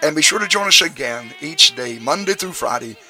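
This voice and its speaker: A man's voice: a little high, lively intonation, fairly quick, bright, forceful tone, soft background music. A man preaching a radio sermon, emphatic, his voice rising on key phrases. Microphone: studio radio microphone.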